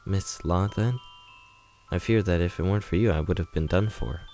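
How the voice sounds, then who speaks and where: A man reading a visual novel aloud, voicing a polite, timid young woman who speaks in a soft, hesitant way. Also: sits low, moderate pace, faint music behind. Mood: grateful.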